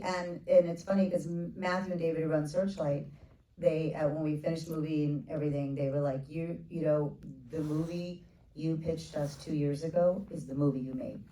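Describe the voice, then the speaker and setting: A woman director in her forties answering questions in a casual onstage Q&A. She talks like an animated storyteller, acting out other people with quick asides. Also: low voice. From United States. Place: theater stage with audience. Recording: roomy theater sound from a distant mic.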